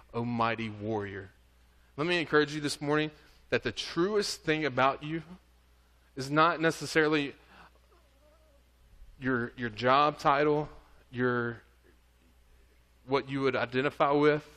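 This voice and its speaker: A man's voice: mid-range voice, a bit bright. A man preaching a sermon, reading scripture aloud and earnestly urging his listeners. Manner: reads scripture then exhorts, pleading and earnest.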